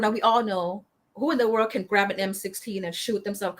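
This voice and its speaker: A woman guest, a military veteran and author, telling a story in an interview with passion, halting often and restarting her sentences. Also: mid-range voice, fairly even intonation, a bit bright. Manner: impassioned, halting, many fillers and restarts.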